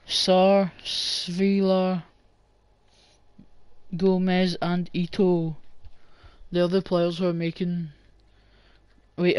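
Slow-talking man doing game commentary. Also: high-pitched, darkish tone, clear, resonant tone, no room sound. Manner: rambling, sweary, chatting to live viewers. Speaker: gaming channel host. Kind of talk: casual gameplay commentary.

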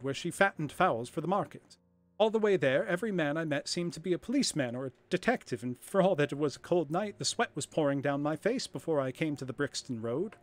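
A man doing a shrill, terrified young thief. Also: natural voice. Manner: high, shrill, stammering pleading. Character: frightened young male thief, pleading.

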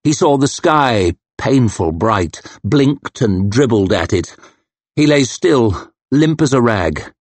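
A male narrator reads fantasy prose at an unhurried, deliberate pace. His voice sits in an ordinary middle register and is recorded close and dry, with no room sound around it. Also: medium pitch, animated, no echo. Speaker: audiobook narrator. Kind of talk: scripted narration.

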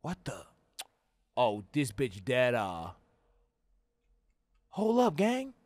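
A young man giving profane, slangy commentary on a horror game, yelling and cursing at jump scares. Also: medium pitch, wildly swooping pitch, extremely slow, dry recording. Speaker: gaming YouTuber. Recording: faint background noise.

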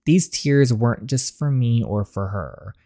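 A man reading the part of a guilt-ridden young man in love, narrating and pleading in a soft, earnest voice. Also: medium pitch, expressive, a little slow, no room sound, studio quality. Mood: sorrowful. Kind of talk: reading game narration aloud.

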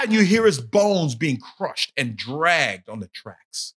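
A man teaching a Bible study, telling a dramatic story that swings between loud, intense moments and hushed, solemn ones, often repeating words as he searches for them. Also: fairly high pitch, big pitch swings, slow, a little hiss or hum. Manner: dramatic storytelling, rising to shouts and dropping to hushed tones. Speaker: church teacher.

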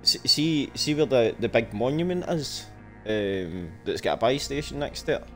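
A man's voice: medium pitch, expressive, moderate pace, faint music behind. A Scottish man streaming a game, chatting casually with heavy swearing and blunt banter. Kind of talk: casual gaming chat.

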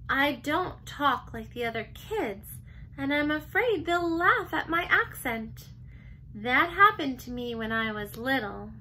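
A woman voicing a shy young schoolgirl who speaks softly and earnestly in a storybook reading. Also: high-pitched, very animated, slow, a little hiss or hum, full character voice. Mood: confiding. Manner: soft, gentle.

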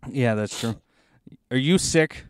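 A man's voice: medium pitch, slow, clean tone, dry recording, studio quality. A man co-hosting a podcast, chatting casually from inside a car. He laughs often and stops and starts a lot, with plenty of ums and uhs. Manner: laughs often, hesitant with many fillers. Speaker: podcast co-host. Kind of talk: casual chat.

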